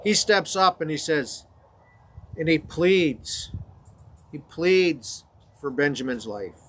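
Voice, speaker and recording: Male confirmation teacher, slightly raised pitch, halting conversational retelling, faint hiss. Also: animated, a bit bright. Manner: conversational, halting, frequent fillers. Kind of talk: informal Bible story retelling.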